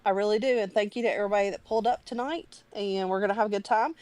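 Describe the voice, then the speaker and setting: Woman, near tears, earnest, rambling, casual heartfelt chat, mid-pitched voice. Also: quick pace, hardly any pauses, a little mellow. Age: adult parent.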